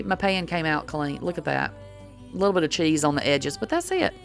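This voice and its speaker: An older woman, hosting a casual home cooking demo in her kitchen, folksy and chatty. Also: low-pitched. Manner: chatty, folksy, says y'all a lot. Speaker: cooking channel host.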